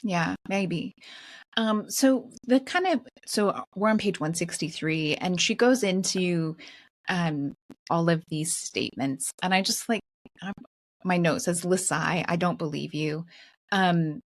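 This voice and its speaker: A woman's voice: fairly low pitch, a little slow, no room sound, studio quality. A middle-aged woman co-hosting a casual book club podcast, thinking aloud with many restarts and fillers. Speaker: podcast co-host.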